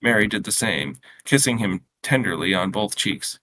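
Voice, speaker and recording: A man reading his own short story aloud in a steady, unhurried way, with small slips and restarts. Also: lowish voice, background noise.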